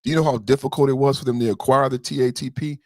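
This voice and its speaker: A man's voice: medium pitch, steady tone, quick pace, no room sound, clean studio sound. A man hosting a podcast in heated livestream commentary, emotional and profane, repeating himself and answering chat commenters directly. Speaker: podcast host.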